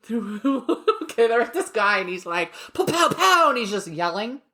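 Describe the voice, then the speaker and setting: A woman co-hosting a podcast in casual chat, an animated storyteller who acts out quotes and laughs often. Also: mid-range voice, slow pace. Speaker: podcast co-host.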